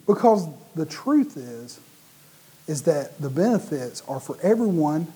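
A man preaching a sermon, animated and often restarting or repeating his words mid-sentence. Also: fairly high pitch, a little slow, breathy edge.

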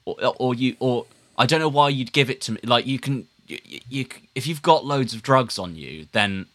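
Bright-voiced posh English man, rambling. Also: medium pitch. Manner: rambling, halting, laughs often. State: woozy after a blood test. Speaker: podcast co-host. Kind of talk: casual chat.

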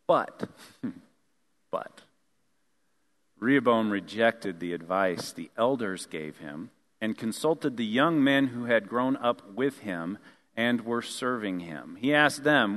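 A man's voice: mid-range voice, expressive, unhurried, a bit bright. A male pastor preaching a sermon, reading scripture and adding casual conversational asides. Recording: long reverb of a large hall.

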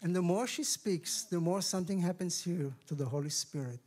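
A middle-aged Israeli man, a guest speaker sharing his testimony in a sermon, telling the story with lively acted-out dialogue. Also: high-pitched, a little fast. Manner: animated storyteller, acts out dialogue with raised voices. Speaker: guest speaker, ministry director.

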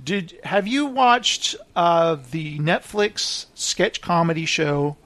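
A man hosting a podcast in casual chat, an animated, rambling storyteller who laughs often. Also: on the high side, takes it slowly, no echo. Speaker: podcast host.

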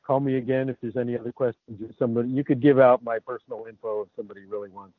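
A man's voice: medium pitch, fairly even intonation, rapid-fire, dry recording. A man speaking as an interview guest, a cinematographer chatting in a friendly, hesitant way with many fillers. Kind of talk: casual interview chat. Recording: tinny phone line.

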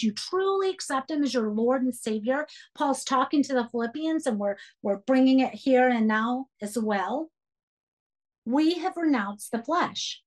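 A woman leading a Bible study for women, speaking earnestly and emphatically and urging listeners to take notes. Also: high-pitched.

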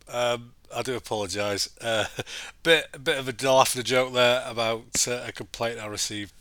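A jokey Yorkshire man introducing his podcast in a loose, chatty way, full of ums and little laughs. His voice is bright and forward, and the sound is close and dry. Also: medium pitch, steady tone, normal speed, no echo. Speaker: podcast host.

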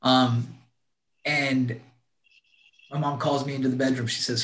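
A man's voice: medium pitch, little pitch movement, a little slow, pauses often, fairly bright tone. A man guest earnestly telling a heartfelt personal story, often restarting his sentences. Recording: roomy echo.

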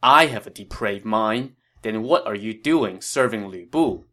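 A man's voice: on the low side, lively intonation, measured pace. A man reading Cao Cao, wry commanding warlord. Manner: mild quoted dialogue in storytelling tone.

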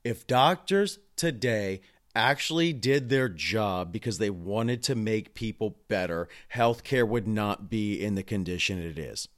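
A man who works as a nurse, ranting angrily into a camera at home, swearing a lot and breaking into loud outbursts and quick asides. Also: on the low side. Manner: profane, frustrated, loud outbursts and rapid asides. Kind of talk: angry ranting vlog.

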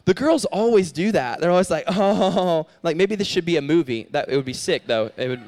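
A man's voice: on the high side, lively intonation, brisk, darkish tone. A young man preaching as a youth pastor, telling a story and acting out the dialogue with a rising voice.

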